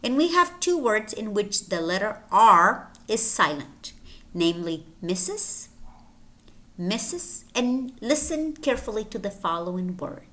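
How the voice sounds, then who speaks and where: A woman teaching English pronunciation in a slow, deliberate lesson, repeating each word carefully with pauses between items, her first language Spanish. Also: mid-range voice, very animated, bright, forceful tone.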